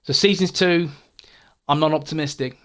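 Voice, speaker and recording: A man's voice: fairly high pitch, moderate pace, a bit bright. A man hosting a gaming channel, casually answering viewer comments in a frank, chatty way, often stumbling and repeating words.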